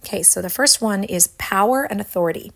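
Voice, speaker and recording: A woman's voice: medium pitch, lively intonation, a little fast, gravelly, fairly bright tone. A woman hosting a faith talk, speaking earnestly and unhurriedly, with light laughs and long passages read aloud. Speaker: Catholic faith teacher and host. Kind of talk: casual teaching talk with read quotes.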